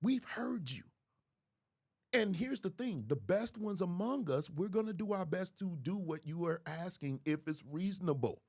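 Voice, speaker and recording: A man's voice: sits high, animated, moderate pace, darkish tone. A man, hosting a livestream commentary in an emphatic, preachy way, repeating phrases for effect. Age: 40s. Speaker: host.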